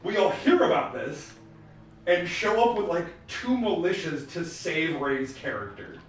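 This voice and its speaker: A man's voice: on the high side, unhurried, far from the mic, a little hiss or hum. A man casually telling a long tabletop game story while playing a video game, acting out the characters he quotes. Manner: animated, acts out quoted characters. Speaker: let's play co-host. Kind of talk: casual storytelling over gameplay. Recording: echoey room, off-mic.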